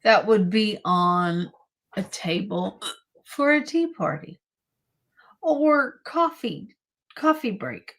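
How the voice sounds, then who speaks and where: A woman's voice: mid-range voice, lively intonation, takes it slowly, long pauses, a bit bright. A woman hosting a live online vintage sale, praising items enthusiastically and announcing upcoming shows.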